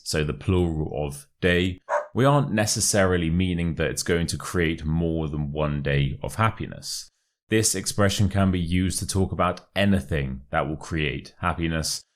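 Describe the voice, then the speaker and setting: Deep-voiced English teacher with RP accent. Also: male voice. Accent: modern RP English. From England. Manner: chatty, explains slowly and gives examples. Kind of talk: casual lesson to camera.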